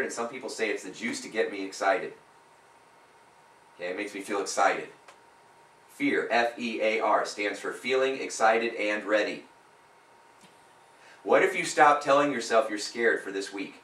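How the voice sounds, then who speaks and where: An emphatic man coaches a client live, leaning on repeated lines that build in force. His voice is bright and forward. It sounds roomy, picked up from a mic set a little way off. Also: lowish voice, moderate pace, long pauses, distant mic.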